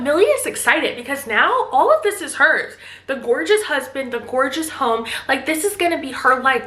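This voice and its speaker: A young woman retells a thriller in a chatty, gossipy way with plenty of fillers. Her voice is bright and sits fairly high. The room around her gives a clear echo. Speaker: book vlogger. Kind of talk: casual book recap. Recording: echoey room.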